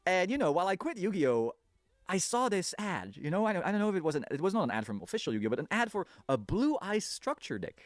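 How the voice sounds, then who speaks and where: A man telling a casual vlog story in an animated way, laughing often and swearing freely. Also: sits high, quick pace, dry recording, clean studio sound. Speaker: video creator.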